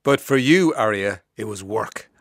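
A man's voice: fairly low pitch, lively intonation, measured pace, no echo. An Irish man hosting a radio talk show, chatty and jovial, often laughing as he talks. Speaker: radio host. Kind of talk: casual radio chat. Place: radio studio.

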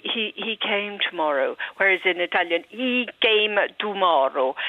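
A woman speech expert, a radio guest on a phone line, explaining accents in a measured, analytical way with hesitant restarts. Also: lowish voice, no echo. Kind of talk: explanatory radio interview answers. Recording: tinny dry phone line.

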